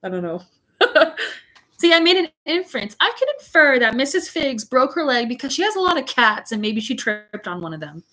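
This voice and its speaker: A woman's voice: high-pitched, sing-song, pushed and bright. A woman teacher reading a story aloud to her class over a video call, stopping often to chat and explain. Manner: chatty, pausing to comment and explain.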